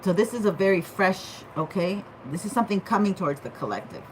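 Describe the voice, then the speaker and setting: A woman's voice: mid-range voice, lively intonation, a little fast, a little hiss or hum, rough recording. A woman giving a casual tarot reading, chatty and loose, often checking in with "okay?". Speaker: tarot reader.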